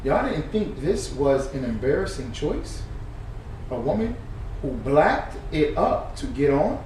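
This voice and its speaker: A man's voice: fairly high pitch, big pitch swings, slow. Man ranting in an echoey room. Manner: swings from muttered reading to loud profane ranting. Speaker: commentator. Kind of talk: heated reaction commentary. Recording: echoey room, distant mic, faint noise.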